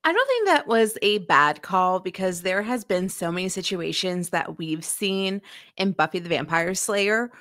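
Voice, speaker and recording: Bright-voiced woman chatting casually. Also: medium pitch, animated, measured pace, no room sound, clean studio sound. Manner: rambling, with many fillers like "um" and "like". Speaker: podcast co-host. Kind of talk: casual chat recapping a TV episode.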